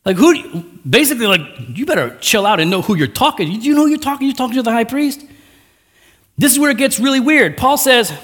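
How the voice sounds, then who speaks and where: Animated casual preacher, lively pitch. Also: male voice. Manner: casual, conversational preaching with slang and quick asides; animated, acting out biblical quotes in raised voice. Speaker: pastor. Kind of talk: sermon.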